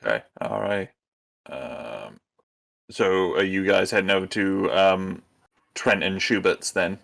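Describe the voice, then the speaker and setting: Low-voiced male game master, halting. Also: vocal fry, a bit bright. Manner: hesitant, many ums and restarts. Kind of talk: narrating a tabletop role-playing game.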